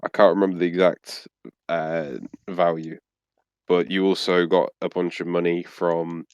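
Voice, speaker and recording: A man running a tabletop game as game master, hesitant and pausing with fillers while he tallies numbers. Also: deep voice, level tone, darkish tone, clear, resonant tone, no room sound.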